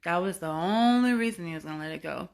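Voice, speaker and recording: A woman's voice: on the low side, quick pace, gravelly, a little mellow. A woman vlogger telling a story casually to camera, rambling with fillers and restarts and swearing freely.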